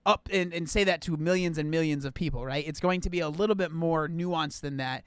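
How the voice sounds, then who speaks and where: A man with a high voice talks through his reactions in a loose, rambling way. He restarts often and leans on fillers. The sound is dry and close, with little room behind it. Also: fairly quick, hardly any pauses, a bit bright, smooth, dry recording. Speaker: host reacting to a video. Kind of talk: casual reaction commentary.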